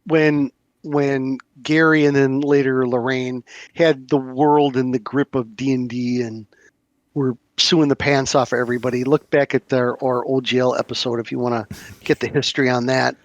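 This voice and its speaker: A man's voice: mid-range voice, moderate pace, no room sound. A man hosting a podcast, talking casually and rambling with many restarts. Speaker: podcast host. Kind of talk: casual chat about tabletop games.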